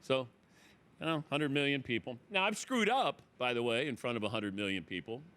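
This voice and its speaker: A middle-aged man hosting a talk show, telling a story in casual chat and acting out the people he quotes with loud, high exclamations. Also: expressive, fairly quick. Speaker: radio show host.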